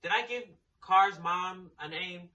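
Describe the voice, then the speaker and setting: A man's voice: high-pitched, takes it slowly, pushed and bright, recorded from a distance, lo-fi sound. A young man telling a storytime in a blunt, sassy way, swearing freely. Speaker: storytime vlogger. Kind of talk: casual storytime.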